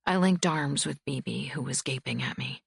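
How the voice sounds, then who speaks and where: A woman reads a romance audiobook in a low, gravelly voice. Her tone is husky and close, with a dry, clean sound. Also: moderate pace, dry recording. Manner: low, husky first-person reading. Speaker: audiobook narrator. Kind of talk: scripted narration.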